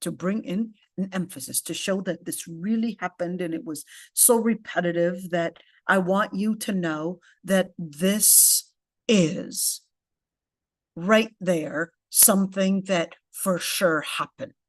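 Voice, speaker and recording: A woman's voice: on the low side, takes it slowly, dry recording, clean studio sound. A woman teaching a casual lecture in English with Arabic terms mixed in, explaining step by step and often checking in with "okay?". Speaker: Quran tafseer teacher.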